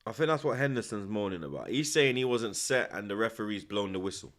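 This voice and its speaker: A man's voice: on the low side, fast. Slangy London man reacting to football. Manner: slangy, teasing, excitable reactions. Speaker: host. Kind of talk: football watchalong commentary. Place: at home indoors.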